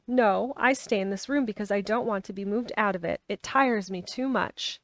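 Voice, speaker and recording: A woman's voice: mid-range voice, normal speed, fairly bright tone, dry recording, close to an everyday voice. A woman reading aloud, voicing a sickly, fretful young boy who is bedridden and gloomy, in a complaining tone.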